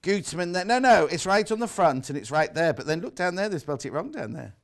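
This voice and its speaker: A man's voice: high voice, very animated, brisk, vocal fry. A British man presenting a live shopping show in a windowless studio, chatting and reading out viewer messages.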